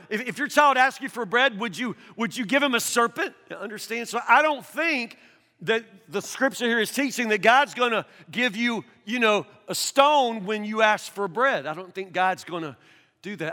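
A male pastor preaching an earnest sermon, repeating words as he presses his points and rising toward a shout. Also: very high-pitched, animated, moderate pace. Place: church hall. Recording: long hall reverb.

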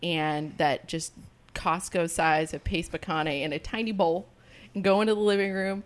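A woman's voice: lowish voice, fairly even intonation, normal speed, a little hiss or hum. A woman hosting a podcast, telling loose, jokey stories in casual chat. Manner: loose, jokey storytelling with frequent laughs. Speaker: podcast host.

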